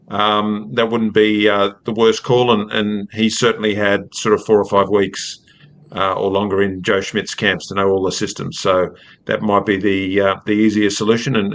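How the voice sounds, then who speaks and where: A man from Australia with an Australian accent, a rugby writer talking in a measured, hesitant way as a podcast guest. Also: fairly low pitch, fairly bright tone. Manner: measured, hesitant, many fillers. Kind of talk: casual podcast chat.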